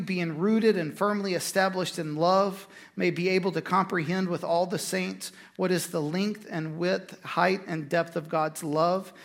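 Gravelly high-voiced male pastor preaching. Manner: conversational preaching with quick asides and restarts. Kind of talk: sermon.

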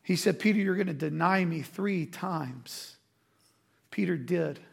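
A man's voice: sits high, measured pace, creaky, husky. A man preaching a sermon as a pastor, in a conversational, emphatic way with quoted asides.

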